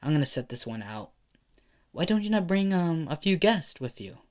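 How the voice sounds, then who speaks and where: Casting: fussing middle-aged mom, pitched up high, played by a man for a fan story. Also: big pitch swings, moderate pace, darkish tone. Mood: motherly. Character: kindly mother, middle-aged woman. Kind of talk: amateur fan story narration.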